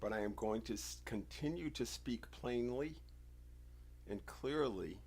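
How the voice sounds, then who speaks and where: A man's voice: mid-range voice, lively intonation, a little slow, darkish tone, breathy edge. Insistent, lecturing man on a livestream. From United States. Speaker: livestream host. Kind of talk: livestream monologue.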